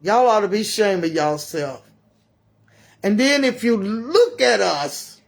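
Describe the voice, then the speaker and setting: Comedy monologue: man playing an upset, preachy old granny, high-pitched and unhurried, scolding like a sermon. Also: exaggerated voice. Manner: ranting, scolding. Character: grandmother, older woman, preachy and upset. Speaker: storyteller.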